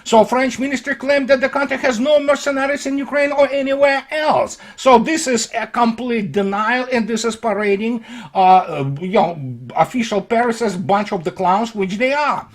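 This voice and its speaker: A man giving an unscripted political commentary monologue, sarcastic and mocking, halting often on fillers. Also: very high voice.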